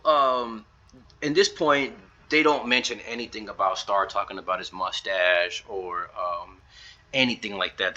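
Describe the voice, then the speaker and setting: A man with a very bright, forceful voice pitched a little low talks through a game-versus-manga comparison. He keeps it loose and chatty, stringing quotes together with "he's like," ums and uhs. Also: poor audio. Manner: retells scenes in a loose run of "he's like" quotes, with fillers. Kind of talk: casual commentary video.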